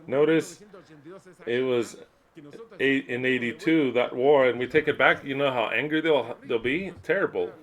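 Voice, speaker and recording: A man interpreting a sermon aloud, emphatic, dropping to low muttering and then rising to loud outbursts. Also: moderate pace. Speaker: interpreter voicing a preacher.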